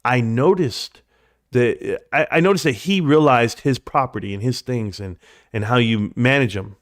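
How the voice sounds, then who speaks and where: A man hosting a livestream, telling a long story in a rambling way, jumping high when he acts out quotes and dropping low for asides. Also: normal speed, no echo, studio quality. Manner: animated, jumps high in pitch when acting out quotes; rambling, drops to quiet asides. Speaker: livestream host. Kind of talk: casual storytelling.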